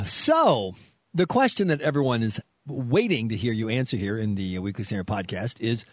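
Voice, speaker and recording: A man's voice: mid-range voice, no room sound, studio quality. A man hosting a podcast interview, asking questions with joking, teasing banter. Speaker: podcast host.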